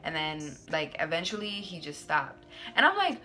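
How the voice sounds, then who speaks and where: Young woman, sassy slangy storytime, low-ish voice, bright and punchy, faint music underneath. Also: normal speed. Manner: sassy, slangy and expressive, with plenty of "like"s. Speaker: YouTuber host. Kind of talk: casual storytime monologue.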